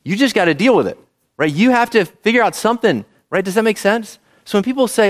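Male pastor, higher voice, animated delivery, chatty sermon to his congregation. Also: fast. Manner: lively, conversational, asks the congregation questions.

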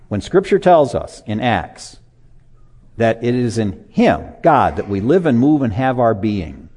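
A man preaching a sermon to a live congregation in a church, animated and conversational, with chuckles and asides to listeners. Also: fairly low pitch.

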